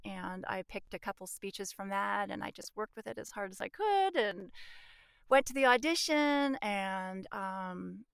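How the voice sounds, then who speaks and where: Creaky-voiced woman, lively storyteller. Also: mid-range voice, measured pace, dry recording. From United States. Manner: animated, laughs often, many fillers and restarts. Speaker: voice actress guest. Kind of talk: interview, casual storytelling.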